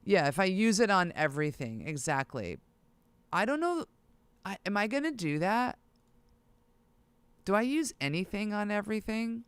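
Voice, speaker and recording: Producer vlogger, excitable self-talk, animated pitch, smooth clear tone. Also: moderate pace, dry recording. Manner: excitable, talks to self while browsing listings. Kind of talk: casual vlog talk to camera.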